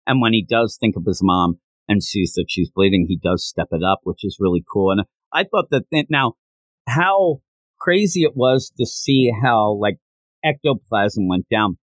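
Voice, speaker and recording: A man talking casually on a podcast, his pitch swinging up and down as he gets excited about scenes. He often laughs mid-sentence. The sound is dry and close, with no room around it. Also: normal speed, dry recording, rough recording. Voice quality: animated, laughs while retelling scenes. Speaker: podcast co-host. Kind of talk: casual manga discussion.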